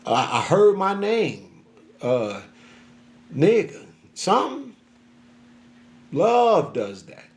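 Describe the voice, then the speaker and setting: A middle-aged man venting in a casual, profane monologue, often acting out what other people said to him. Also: high-pitched. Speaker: social media creator.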